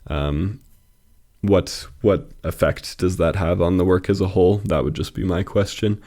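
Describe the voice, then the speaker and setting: Warm and deep, this young man speaks a little slowly while hosting a fan poetry review. His casual critiques and readings come out thoughtfully but haltingly, full of filler words and false starts.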